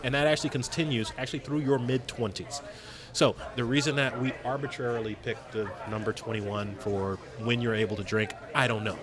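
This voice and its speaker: A man's voice: mid-range voice, steady tone, a little fast. Earnest man arguing over crowd noise. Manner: earnest, argumentative explaining. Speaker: podcast co-host. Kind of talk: casual panel chat. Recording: loud crowd noise behind.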